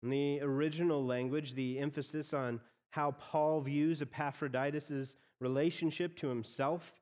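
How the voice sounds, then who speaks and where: A man's voice: a little high, fairly even intonation, normal speed, a little mellow. Man preaching in a reverberant hall. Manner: expository, repeats phrases while explaining. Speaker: pastor. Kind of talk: sermon.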